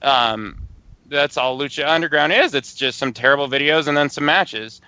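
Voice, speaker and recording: Man, podcast co-host, smooth resonant bright voice, dismissive, dry muffled recording. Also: on the high side, normal speed, no room sound. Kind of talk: casual wrestling chat. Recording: dry dull lo-fi audio.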